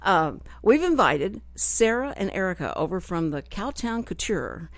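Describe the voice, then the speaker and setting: A woman's voice: medium pitch, sing-song, unhurried, no echo. A woman with a Texas accent hosting a radio talk show, chatting in a rambling, self-deprecating way. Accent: Texan. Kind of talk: casual chat. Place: radio studio.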